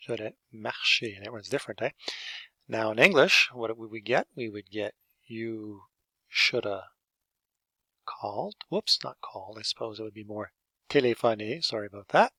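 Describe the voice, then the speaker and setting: A man's voice: fairly low pitch, lively intonation, moderate pace, pushed and bright, no room sound. A man, a French speaker, teaching an English grammar lesson step by step and checking in with "okay?" and "eh?".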